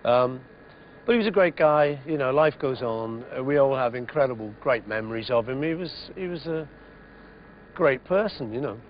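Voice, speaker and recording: A man in his fifties answering interview questions in a relaxed, rambling way, with lots of "you know"s. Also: mid-range voice, normal speed, a little hiss or hum. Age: 50s. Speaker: interviewee musician. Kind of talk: reflective interview chat. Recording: dull lo-fi TV interview audio.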